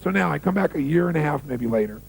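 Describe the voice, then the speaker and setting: Very gravelly man at a seminar. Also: fairly high pitch, lively intonation, fast talker, rough recording. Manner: emphatic, repeats key phrases, questions the audience. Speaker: motivational speaker. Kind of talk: seminar talk with stories.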